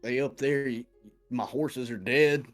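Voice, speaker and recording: A man voicing a gruff Southern stable owner with a Southern Texas accent, deeper than his own voice. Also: unhurried, faint music behind, lightly acted. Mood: aggrieved.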